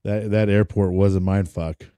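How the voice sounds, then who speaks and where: A man's voice: low voice, steady tone, moderate pace, dark tone, smooth. An American man hosting a podcast, chatting in a laid-back way, swearing casually and laughing. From United States. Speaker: podcast host, veteran. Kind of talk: casual interview chat.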